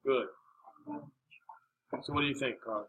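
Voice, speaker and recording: A man's voice: mid-range voice, normal speed, crowd noise, low-quality recording. A man teaching a math class, speaking in a classroom, coaxing students with questions and encouragement. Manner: encouraging, coaxing questions, many "all right"s.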